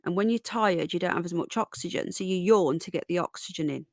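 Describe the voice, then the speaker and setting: A woman's voice: fairly low pitch, brisk, creaky, dry recording, studio quality. Tired, chatty woman streaming live. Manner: chatty, greets viewers by name, calls them darling and sweetheart. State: tired and yawning. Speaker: livestream host. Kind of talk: casual live-stream chat with viewers.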